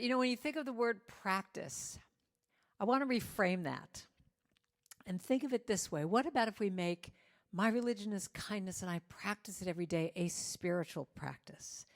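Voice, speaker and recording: Middle-aged woman speaker, fairly low voice, playful inspirational sermon delivery. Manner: warm, playful, inviting the audience to join in. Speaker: guest speaker.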